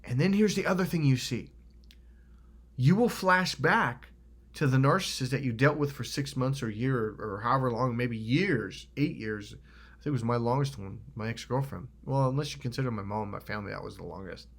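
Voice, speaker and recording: A middle-aged man from Northern California giving a casual motivational monologue. He swears freely and is animated. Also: medium pitch, fairly quick. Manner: animated, swears freely, acts out other people's lines. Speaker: self-help vlogger.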